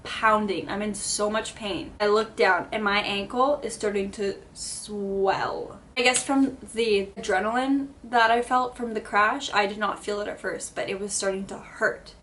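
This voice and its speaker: A woman vlogger telling a dramatic story time, animated and salty with swearing. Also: mid-range voice, measured pace, few pauses, slight background noise. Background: background music.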